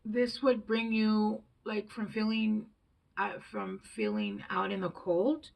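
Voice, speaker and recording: A woman's voice: medium pitch, fairly even intonation, takes it slowly, gravelly. A woman giving a casual, rambling tarot reading, chatty and full of fillers. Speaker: tarot reader.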